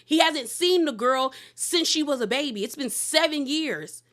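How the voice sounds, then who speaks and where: A woman's voice: a little high, moderate pace, a bit bright. Chatty, blunt woman recapping TV gossip. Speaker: reality TV recap host. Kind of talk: casual recap commentary.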